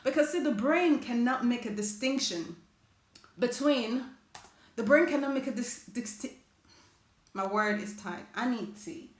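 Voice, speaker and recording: A woman's voice: a little high, expressive, a little slow, long pauses. A woman hosting a live motivational talk, chatting with her viewers and reading their comments. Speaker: host of a live motivational stream. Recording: echoey room.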